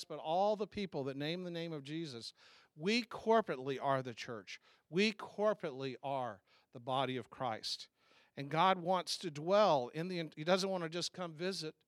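A man's voice: a little high, fairly bright tone, no echo, studio quality. A man from the South, preaching a sermon in a conversational way, asking the congregation questions and restarting his sentences. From American South. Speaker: pastor.

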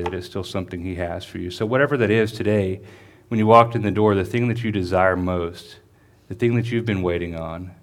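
Low-voiced pastor preaching conversationally. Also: male voice. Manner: conversational preaching, reads scripture slowly. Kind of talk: sermon. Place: church.

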